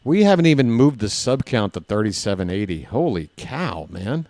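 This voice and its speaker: A man's voice: on the low side, very animated, moderate pace, few pauses, a little mellow, no room sound. A man calling baseball play-by-play for his stream, with casual, self-deprecating asides to viewers.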